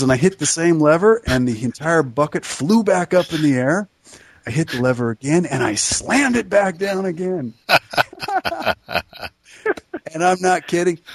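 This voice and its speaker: A man casually telling a funny story on a podcast, animated and laughing between lines. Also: on the high side, breathy edge, no room sound. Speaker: podcast co-host.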